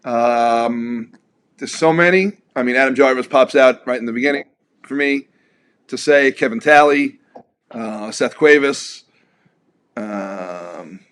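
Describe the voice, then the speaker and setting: Rambling laid-back co-host. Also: male voice, mid-range voice, slow, fairly bright tone, clean tone. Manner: rambling storyteller, swears, fillers like "like". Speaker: podcast co-host. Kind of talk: casual chat.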